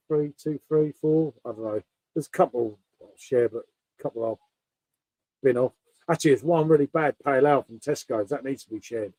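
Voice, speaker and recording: A man's voice: mid-range voice, dark tone, no room sound, low-quality recording. A man hosting a casual beer-tasting live stream, rambling and matey as he chats to his viewers.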